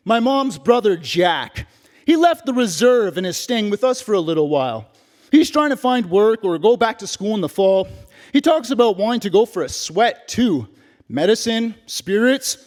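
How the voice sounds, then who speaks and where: A male stage performer from Canada delivering a dramatic one-man monologue in an animated way. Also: high-pitched, moderate pace, big-room sound. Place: theater stage.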